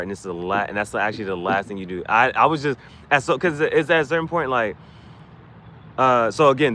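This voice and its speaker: A man's voice: medium pitch, sharp tone, slight background noise. A man streaming a video game, giving rambling tips in casual commentary and often restarting his sentences. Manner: rambling, restarts a lot, breaks into quick rap freestyles for gifts. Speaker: gaming streamer.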